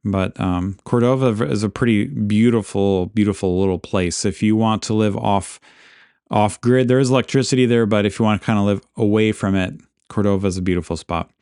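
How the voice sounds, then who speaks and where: A man with a low, smooth, clear voice tells local history like a casual chat, drifting into asides and correcting himself as he goes. The sound is dry and close, with no room around it. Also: fairly quick, dry recording. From Alaska. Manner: relaxed, rambling, self-correcting with asides. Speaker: podcast host.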